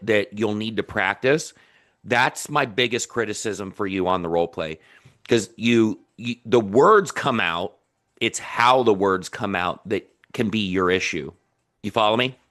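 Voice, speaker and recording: A man's voice: lowish voice, a little slow. A man coaching sales calls, giving detailed feedback with many restarts and acted-out example lines. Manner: animated, stammering restarts, acts out lines. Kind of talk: coaching feedback on a video call.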